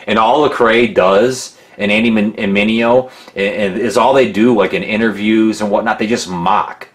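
A man with a deep voice talks through a critical documentary in a loose, rambling way. He is sarcastic and mocking, full of asides and restarts. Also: steady tone, moderate pace. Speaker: documentary narrator. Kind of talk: casual critical commentary.

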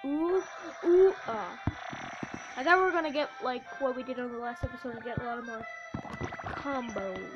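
A woman commenting casually on a puzzle game as she plays, excitable and full of little oohs and cheers. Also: on the high side, normal speed, muffled recording. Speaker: let's play host. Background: game music.

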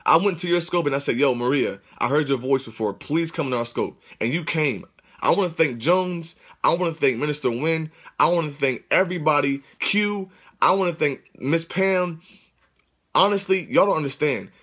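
A man's voice: a little high, fairly bright tone. A man hosting a livestream, speaking fervently to his viewers with churchlike, repetitive exhortations. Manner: religious, churchlike phrasing. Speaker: livestream host. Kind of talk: excited livestream address to viewers. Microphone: phone livestream.

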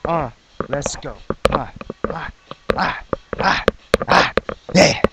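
Excitable young man hyping a rap crew, boastful and mock-dramatic, high-ish voice, noisy home recording. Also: slow pace, gravelly. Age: 20s. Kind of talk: hyped comedic freestyle intro.

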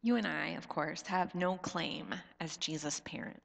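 A woman pastor in her thirties preaching a sermon, slow and reflective, her voice often dropping soft at the ends of phrases. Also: fairly low pitch, gravelly. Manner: slow, reflective storytelling with soft drops in volume. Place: church sanctuary. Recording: long church reverb.

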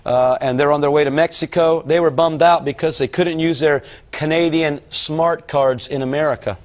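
A middle-aged man preaching to a gathered audience, his voice sitting fairly high for a man. He tells his story in a folksy, rambling way and keeps turning to the listeners with questions. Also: steady tone, normal speed. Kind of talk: sermon recounting a dream.

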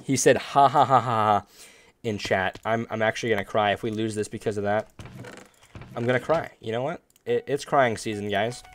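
A man hosting a gaming video, chatting casually and upbeat while he plays, with sudden loud outbursts and playful groans. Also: lowish voice, steady tone, fairly quick. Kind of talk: casual gameplay commentary.

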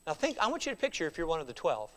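Animated high-pitched male pastor teaching. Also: very fast. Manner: animated, acts out quoted speech. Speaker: pastor teaching Sunday school. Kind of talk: Bible study teaching.

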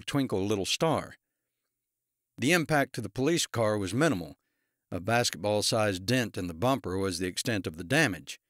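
A man narrating an audiobook thriller in a steady, even storytelling manner. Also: fairly low pitch, dry recording, clean studio sound. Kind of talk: scripted narration.

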